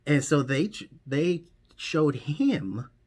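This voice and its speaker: A man delivering a mock-serious comedy monologue as a rambling, deadpan story. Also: on the high side, slow. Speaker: comedian doing a parody monologue.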